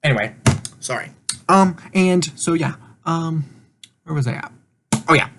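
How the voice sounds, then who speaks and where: A man's voice: fairly high pitch, lively intonation, unhurried, background noise. A man casually recapping an online game he played, rambling and laughing often, swearing offhandedly and acting out his own quoted lines.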